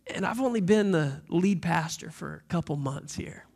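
A man's voice: a little high, animated, normal speed, gravelly, darkish tone, husky. A man preaching a sermon as lead pastor, earnest and direct with his listeners.

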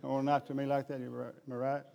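A man's voice: mid-range voice, little pitch movement, very fast, gravelly, mellow, in a large hall, muffled recording. A man preaching a humorous sermon in a folksy, jokey way. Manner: folksy, jokey, addresses crowd as guys.

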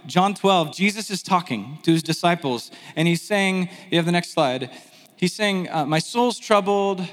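High-voiced man preaching in a hall. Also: moderate pace. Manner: conversational, animated, self-deprecating asides. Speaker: pastor. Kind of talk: sermon teaching.

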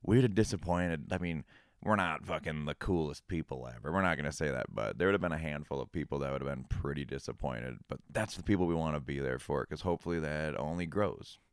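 A man's voice: a bass voice, quick pace, clean tone, no room sound, studio quality. A young man from Minnesota who makes hot sauce, chatting casually on a podcast, laid-back, laughing often and swearing freely. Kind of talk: casual chat.

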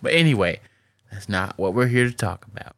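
A man narrates anime scenes to his co-host in loose, slangy talk, laughing along the way. His voice is bright and forward. The sound is dry and close. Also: on the low side, expressive, fairly quick, dry recording. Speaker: podcast co-host. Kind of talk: casual anime recap chat.

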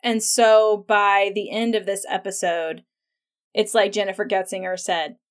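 A woman hosts a casual podcast, talking through an episode in an easygoing, animated way. She leans on "like" as a filler and laughs lightly as she goes. Her voice sits at an ordinary middle pitch. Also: a little slow. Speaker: podcast host.

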